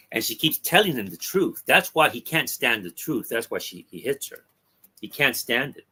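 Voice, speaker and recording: A man on a talk podcast casually retelling a comic's story, halting with ums and restarts. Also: medium pitch, very animated, bright, forceful tone, breathy edge. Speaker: podcast co-host discussing comics.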